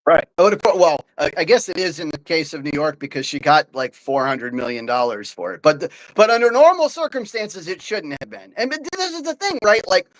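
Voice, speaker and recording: Animated opinionated male podcast host. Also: on the high side, fairly quick, hardly any pauses, poor audio. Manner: animated, opinionated, many fillers and restarts. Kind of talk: casual political talk.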